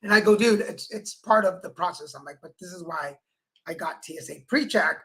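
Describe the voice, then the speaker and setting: A co-host on a casual livestream chat show tells stories and acts out the people in them. His voice is high-pitched and a bit bright, and he speaks briskly.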